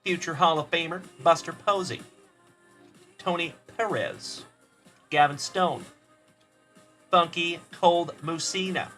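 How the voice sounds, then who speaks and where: Speaking slowly, with long pauses, this man hosts a card-opening livestream over faint music. His voice is a little high, bright and forceful, and he stays upbeat and friendly, calling out viewers by name in chat shout-outs.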